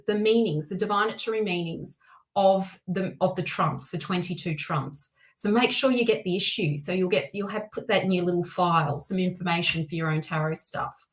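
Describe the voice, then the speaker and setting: A woman hosting a live tarot stream, talking in a chatty, excitable way with many restarts and asides. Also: medium pitch, low-quality recording. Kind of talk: casual live-stream chat.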